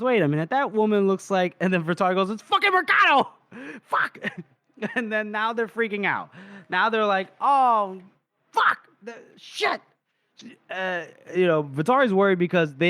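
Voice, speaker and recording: A man's voice: on the high side, no room sound. A man co-hosting a podcast, retelling a novel's scenes in casual chat, acting out the characters' lines and laughing often. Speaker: podcast co-host.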